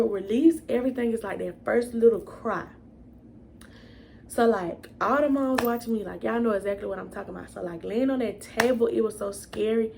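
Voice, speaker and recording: A woman's voice: on the high side, vocal fry, darkish tone, a little hiss or hum. A young woman telling a storytime vlog in a casual, chatty way, addressing viewers as y'all. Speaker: vlogger.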